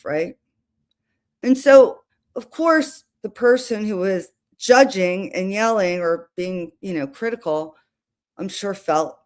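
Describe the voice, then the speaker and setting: A woman's voice: mid-range voice, darkish tone. A woman hosting a casual livestream, talking in a chatty, rambling way with restarts and asides. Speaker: livestream host.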